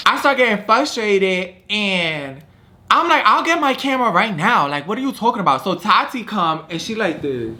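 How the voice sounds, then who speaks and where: Lively young man telling a story. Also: high voice, moderate pace. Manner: animated storytelling, acting out quotes, slangy and profane. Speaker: vlogger host. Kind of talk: casual storytime chat.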